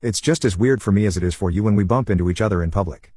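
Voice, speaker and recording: A man narrating online stories in an even, unhurried reading voice. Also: lowish voice, husky, dry recording, studio quality.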